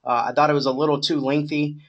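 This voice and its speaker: A middle-aged man coaching a sales agent on a call, talking in a relaxed, encouraging way with many fillers. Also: fairly high pitch, quick pace, lo-fi sound.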